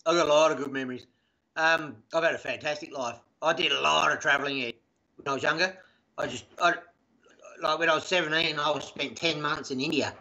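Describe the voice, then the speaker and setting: Guy teasing the host, bit high voice, muffled stream audio. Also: brisk, creaky, bright, forceful tone. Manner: teasing, chuckling. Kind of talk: casual chat. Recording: lo-fi stream audio with faint noise.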